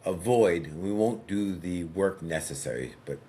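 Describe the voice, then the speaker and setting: Deep-voiced man telling a coaching story. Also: unhurried, slightly rough. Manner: relaxed storyteller who acts out dialogue; frequent fillers and restarts. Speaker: podcast guest, fitness coach. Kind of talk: conversational storytelling.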